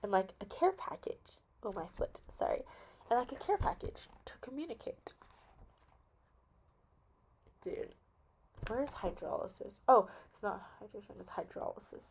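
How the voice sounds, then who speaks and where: A woman's voice: medium pitch, big pitch swings, normal speed, gravelly, slight background noise. A young woman casually explaining chemistry as a playful story, chatty and thinking aloud with lots of fillers.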